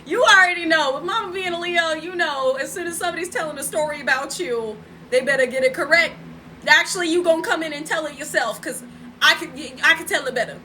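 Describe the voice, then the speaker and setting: A woman's voice: sits high, quick pace, bright, forceful tone, slight background noise, low-quality recording. A woman telling a story in a casual live stream from home, chatty, laughing and talking to her viewers. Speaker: spiritual vlogger. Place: home room.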